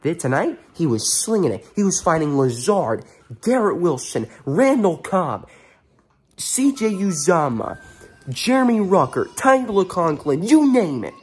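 Angry husky-voiced man ranting. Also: high-pitched, big pitch swings, a little slow, darkish tone. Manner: angry, repeats himself, emphatic. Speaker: sports fan vlog host. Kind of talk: heated fan rant after a game.

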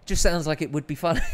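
A man's voice: mid-range voice, a little mellow, slight background noise. A man hosting a live stream, chatting casually with viewers and reading out their comments, with a rambling, self-deprecating manner.

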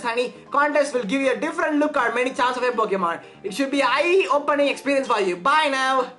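A woman reading the lines of the player's doting mother, brisk and affectionate. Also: sits high, fairly bright tone.

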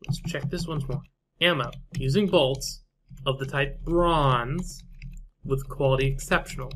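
Here a man narrates his own strategy gameplay in a casual, musing way, trailing off with fillers and unfinished thoughts. The voice is medium-pitched, with slight background noise.

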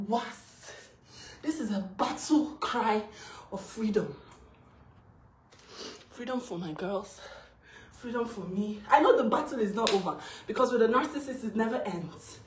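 A woman pours out an emotional, celebratory vlog from her house, chanting and laughing as she talks. Her voice sits a little high. She stands away from the microphone in an echoey room with a faint hiss behind her. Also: lively intonation, a little slow, long pauses. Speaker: vlogger. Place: her home, indoors. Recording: roomy, distant from the mic.

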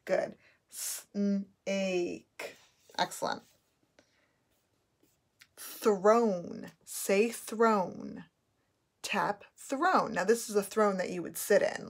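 A woman teaching a phonics lesson, sounding out letters and words patiently for children to repeat. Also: medium pitch.

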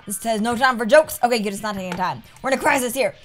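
A woman's voice: on the high side, fast, slight background noise. A young woman hosting a gaming video, reading the game's lines aloud and joking and swearing casually between them. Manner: reads game dialogue aloud, jokey asides, swears casually. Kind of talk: let's play commentary.

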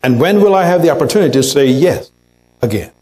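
A man's voice: fairly high pitch, animated, quick pace, mellow, rough recording. A pastor preaching a sermon in a church, earnest, lifting his voice to act out quoted words. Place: church sanctuary.

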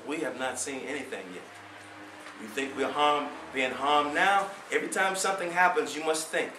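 Impassioned preacher in an echoey hall. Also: male voice, on the high side, moderate pace, slight background noise. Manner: impassioned, rhetorical questions, swells to near-shouts. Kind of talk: Friday sermon. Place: prayer hall. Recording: echoey room, voice from far off.

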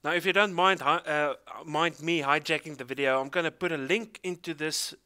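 South African male host, bright voice, chatty, hesitant delivery. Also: on the high side, fairly even intonation, fairly quick, clean tone. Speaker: interviewer. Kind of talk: casual interview.

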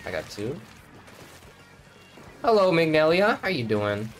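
A man streaming a video game, chatting to viewers by name and yelping high when a play goes wrong, goofy and quick to joke. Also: faint music behind. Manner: excitable, jumps to high yelps at misses. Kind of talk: live gameplay commentary with viewers. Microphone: desk microphone, no camera.

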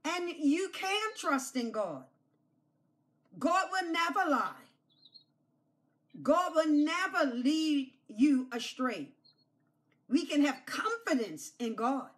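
A woman pastor giving an object lesson to children, slow and emphatic, repeating key phrases and coaxing them to say them back. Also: sits high, expressive. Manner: coaxes children to repeat after her.

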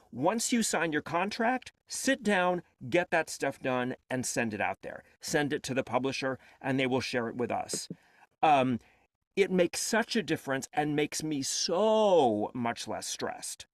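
A man speaks in a quick, rambling flow on a panel about audiobook work, often stopping to restart his sentences. His pitch sits a little high and swings widely. The sound is dry and close. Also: big pitch swings, no room sound. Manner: rapid, rambling, self-interrupting. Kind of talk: casual panel talk.

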